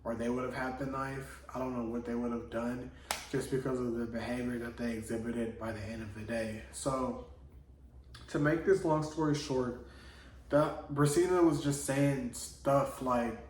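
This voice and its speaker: A man with a steady, slightly mellow mid-range voice speaks at normal speed while vlogging a personal story. He talks in a loose, slangy way, saying "like" constantly. The recording picks him up from afar in an echoey room, with a little hiss or hum.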